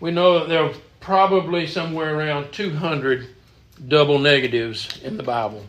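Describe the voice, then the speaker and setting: A man's voice: a little high, moderate pace, a bit bright. A man leading a church Bible study in an earnest, emphatic teaching manner, often repeating words as he goes.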